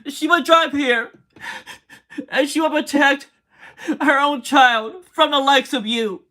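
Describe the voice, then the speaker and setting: Tearful high-voiced woman pleading on a livestream. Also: unhurried, long pauses, fairly bright tone. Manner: pleading, repetitive questioning. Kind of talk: emotional livestream rant. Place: motel room.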